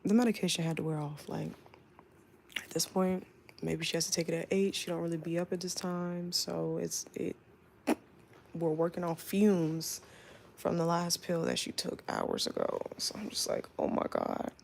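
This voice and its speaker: A young woman with a lowish voice and a heavy creaky fry tells a work story as a casual storytime. She is chatty and animated, and she says "like" all the time. She sounds like she is talking loosely with friends. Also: normal speed, a little hiss or hum. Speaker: flight attendant.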